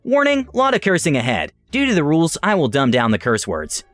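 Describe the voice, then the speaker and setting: Animated male story narrator, lively pitch. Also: fairly quick. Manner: animated storytelling with dramatic asides. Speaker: narrator of reader stories. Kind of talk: scripted narration. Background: faint background music.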